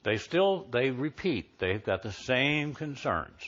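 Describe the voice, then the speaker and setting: A man's voice: mid-range voice, sing-song, slow, fairly bright tone. A man giving a live sermon to a congregation in a conversational way, often asking them questions. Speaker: minister. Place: church sanctuary. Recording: dull live church recording.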